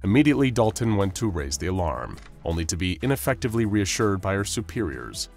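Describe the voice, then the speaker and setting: Brief: deep male narrator, lively, expressive scripted storytelling. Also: normal speed, few pauses. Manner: expressive, dramatic. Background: faint music.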